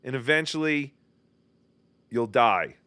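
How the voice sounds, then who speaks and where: A man's voice: medium pitch, lively intonation, takes it slowly, bright, forceful tone, clean tone, dry recording. A man hosting a casual chat, teasing guests with crude jokes. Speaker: host.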